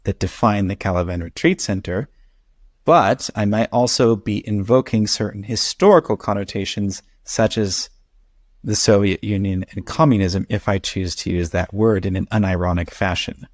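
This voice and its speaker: A man's voice: fairly low pitch, normal speed, no room sound. A man teaching English one-on-one at home, explaining patiently with a dry, teasing humor. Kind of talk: one-on-one conversation lesson.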